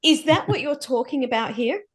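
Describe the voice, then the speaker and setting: A woman's voice: high-pitched, animated, moderate pace. A woman hosting a podcast interview, mostly giving short affirmations and playful remarks. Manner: brief affirming listener, playful. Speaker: podcast host.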